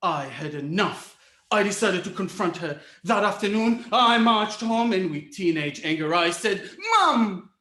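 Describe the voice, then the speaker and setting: A man giving a dramatic storytelling speech at a speech contest, expressive and theatrical with dramatic pauses, recorded in an echoey hall. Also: high voice.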